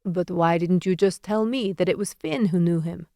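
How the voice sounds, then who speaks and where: A woman's voice: lowish voice, moderate pace, mellow, no room sound, studio quality, lightly acted. A woman voicing a worried, flustered middle-aged father who speaks defensively and apologetically in an audiobook.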